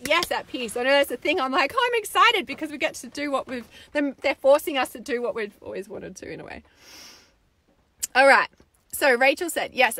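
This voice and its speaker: Bright, fired-up woman on a live stream. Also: a little high, dry recording. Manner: swears freely and gets fired up; rambling, filler-heavy talk with many "like"s. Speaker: intuitive healer hosting a live stream. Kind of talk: casual live-stream chat reading viewer comments.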